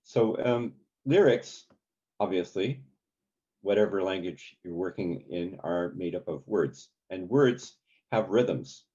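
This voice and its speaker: A man leading a community songwriting workshop, talking in a relaxed, halting way with many ums and sung examples. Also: low-pitched, slightly rough, highs cut off. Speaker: songwriting teacher.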